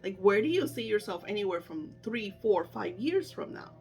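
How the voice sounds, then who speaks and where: Middle-aged lady coaching on manifesting, mid-pitched voice, talks fast and chatty w lots of "you know". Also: creaky, soft background music. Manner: animated, chatty, lots of fillers and quoted self-talk. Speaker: spiritual coach. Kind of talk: casual teaching chat.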